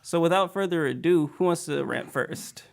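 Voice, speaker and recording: A man's voice: a little high, normal speed, vocal fry, a little hiss or hum. A young man co-hosting a casual podcast, playfully introducing the segments. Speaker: podcast co-host. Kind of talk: casual chat.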